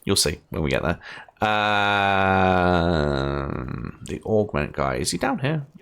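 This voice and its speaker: A man's voice: deep voice, very animated, slow, fairly bright tone, clean tone. A Scottish man giving casual, chatty commentary as he plays a game, laughing often and thinking aloud. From Scotland. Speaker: gaming streamer.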